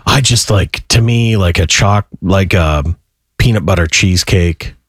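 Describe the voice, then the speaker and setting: A man's voice: low-pitched, a little slow, dry recording, studio quality. A man co-hosting a radio show, teasing and joking in casual banter.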